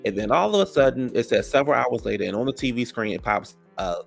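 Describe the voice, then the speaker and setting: A man's voice: mid-range voice, quick pace, gravelly, soft background music. A man recapping a reality TV episode in casual, sassy and profane gossip, full of fillers. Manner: animated, with many fillers.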